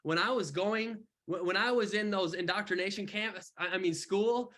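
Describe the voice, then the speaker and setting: A young man mentoring on an online call, telling his story in casual, animated talk full of slang. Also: sits high, moderate pace, few pauses. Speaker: mentor speaker.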